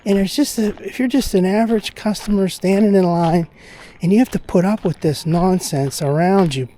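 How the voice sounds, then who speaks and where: A man's voice: high voice, normal speed, dark tone, a little hiss or hum. A man from Pennsylvania talking casually and ramblingly during an outdoor walking vlog, sharing his opinions. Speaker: vlogger.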